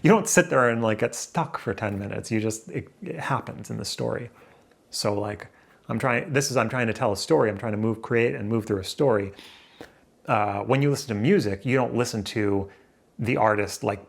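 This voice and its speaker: A man's voice: fairly low pitch, normal speed, gravelly. A man sitting at home talking to his camera in a rambling, self-mocking solo vlog, swearing casually. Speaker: vlogger. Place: room indoors near a window. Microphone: camera in front of him, seated.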